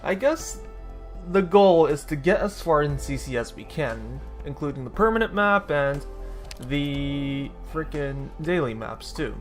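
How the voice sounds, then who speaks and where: A man's voice: a little high, animated, measured pace, soft background music. Man casually narrating his gameplay. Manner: rambling, self-correcting, dry sarcasm. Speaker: gaming YouTuber.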